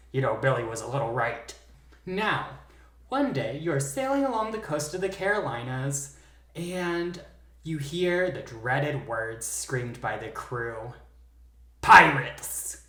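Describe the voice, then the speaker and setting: A man's voice: a little high, fairly bright tone, echoey room. A man co-hosting a podcast, chatting casually and slipping into theatrical storytelling with teasing humor. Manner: playful, teasing, theatrical narration. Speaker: podcast co-host. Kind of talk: casual chat with dramatic storytelling.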